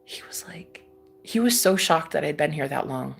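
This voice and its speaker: A woman's voice: deep voice, animated, normal speed, creaky, slightly rough. A woman from Iowa chatting on a live stream, rambling with lots of fillers and repeats, swearing and laughing often. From Iowa, USA. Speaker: livestream host reading chat. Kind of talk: casual live-stream chat.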